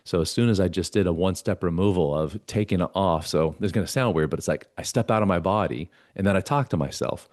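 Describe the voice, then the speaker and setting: A man's voice: sits low, brisk, few pauses, darkish tone, no room sound, studio quality. A man guest on a talk show, telling his story earnestly and acting out the voices of himself and a mentor. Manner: earnest, acts out quoted dialogue with himself and a mentor. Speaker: podcast guest. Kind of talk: conversational storytelling.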